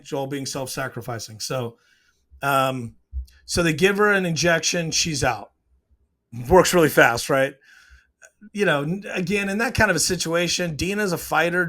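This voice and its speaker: A TV show reviewer with a slightly higher-pitched, fairly bright voice casually comments on a scene. Opinionated, he walks through it step by step, slipping into the characters' quoted lines.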